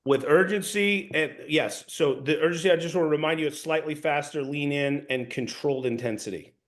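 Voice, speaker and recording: A man with a slightly high voice runs a practice session as a sales trainer. He explains in an instructive, hands-on way, often restarting and repeating his phrases as he goes. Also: a little fast, fairly bright tone.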